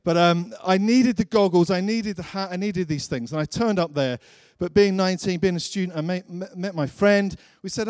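A man's voice: high-pitched, a little fast, hardly any pauses, a little mellow, no room sound, clean studio sound. A man preaching a sermon, telling a personal story in a chatty way and acting out his own thoughts.

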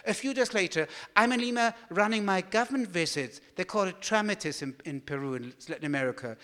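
German man, high voice, animated storyteller at a talk, large echoing hall. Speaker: speaker giving a talk.

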